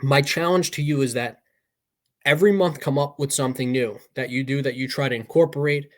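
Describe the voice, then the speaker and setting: A man's voice: medium pitch, a little fast. A young man co-hosting a casual podcast, talking at a loose, rambling clip. He speaks in a mid-range voice and keeps the motivational talk going with plenty of fillers. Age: young adult. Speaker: podcast co-host.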